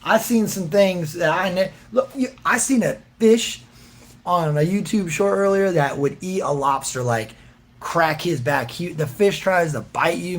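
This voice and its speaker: Joking man chatting on a livestream. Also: a little high. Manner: loose and joking, often laughing, slangy. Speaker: livestream host reading chat. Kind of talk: casual livestream chat.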